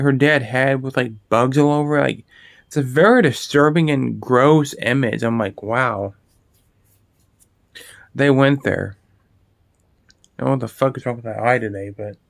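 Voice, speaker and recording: Casual rambling man with a smooth voice. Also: medium pitch, no room sound, studio quality. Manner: rambling, swears freely, frequent restarts and fillers. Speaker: video host. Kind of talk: casual horror movie talk.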